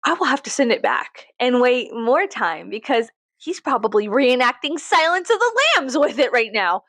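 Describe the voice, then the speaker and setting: A woman's voice: fairly high pitch, sing-song, normal speed, a bit bright, no room sound. A woman, venting profanely and animatedly in a story-time vlog. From Texas, USA. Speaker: vlogger.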